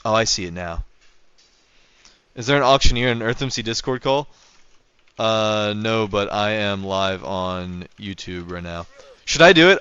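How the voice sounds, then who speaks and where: A man's voice: on the low side, animated, unhurried, long pauses, bright, forceful tone, smooth, no room sound. A young man streaming a game live, chatting casually with viewers in a rambling, self-correcting way, on a dull lo-fi mic. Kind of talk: casual livestream commentary.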